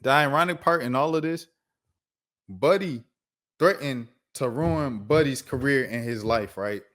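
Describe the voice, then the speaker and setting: A man hosts a casual sports commentary show. He reads quotes in an even, low voice, then jumps up in pitch and volume to rant with heat. His voice is mid-pitched and conversational. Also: unhurried. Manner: animated, reads quotes flatly then rants loudly.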